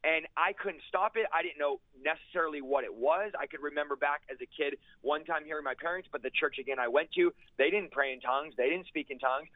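A man's voice: on the high side, dry recording. Fervent man telling his story over a tinny line. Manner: intense, fast-paced storytelling with emphatic repetition. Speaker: guest preacher sharing a testimony. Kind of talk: fervent personal testimony in an interview. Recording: tinny, dry phone-like line.

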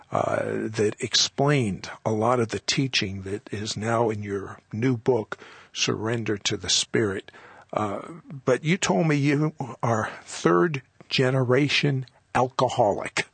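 Gravelly, fervent religious talk host. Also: male voice, medium pitch, dry recording. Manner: fervent, preacherly delivery. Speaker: radio talk show host. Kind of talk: religious talk show interview.

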